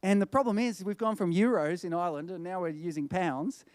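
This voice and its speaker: A middle-aged man giving a sermon as a guest speaker, telling a story with lively acted-out voices. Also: sits high, a little fast, no echo, studio quality. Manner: animated storyteller, acts out quoted people.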